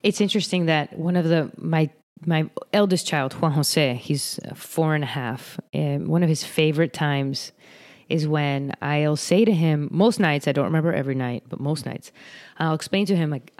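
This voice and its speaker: A woman hosting a podcast conversation speaks in a reflective, earnest way. Her voice is very low, and her delivery is steady and measured. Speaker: podcast host and mother.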